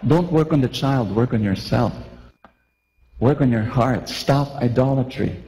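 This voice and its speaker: A man preaching a lively sermon, acting out little scenes and asking the crowd questions. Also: mid-range voice, unhurried, long reverb tail, rough recording.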